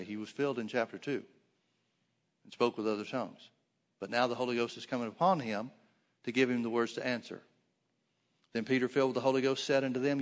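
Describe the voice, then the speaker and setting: A man's voice: medium pitch, in a large hall. A man teaching a sermon, reading Bible verses aloud and explaining them in plain talk with frequent restarts. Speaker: preacher.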